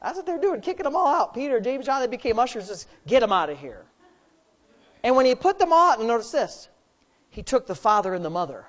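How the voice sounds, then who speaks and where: A woman's voice: a little high, very animated, a little fast. A woman preaching a sermon, asking rhetorical questions and adding playful asides.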